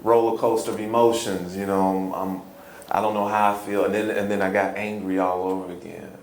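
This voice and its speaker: Deep gravelly man telling his story. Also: flat delivery, slight background noise. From Chicago. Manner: earnest, halting, repeats words, laughs often. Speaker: hip-hop poet guest. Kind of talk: personal storytelling interview. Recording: roomy echo, faint ambience.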